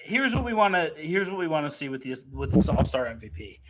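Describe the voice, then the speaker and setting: A young man co-hosting a sports betting show, relaxed and swearing in casual chat. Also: on the high side, fairly quick, background noise. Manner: laid-back, swearing, laughs easily. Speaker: sports betting podcast co-host.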